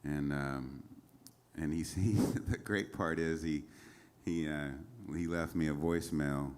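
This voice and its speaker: Man, extremely low voice, singer-songwriter, rambling onstage storytelling, halting and chuckling. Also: steady tone, darkish tone. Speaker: singer-songwriter telling stories between songs. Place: small concert venue stage.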